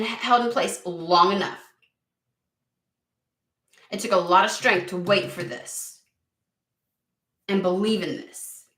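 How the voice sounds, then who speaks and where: A woman's voice: mid-range voice, fairly bright tone, reverberant. A woman giving a casual tarot reading, talking bluntly and swearing a lot in an exasperated rant. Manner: blunt, profane, exasperated ranting. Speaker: tarot reader.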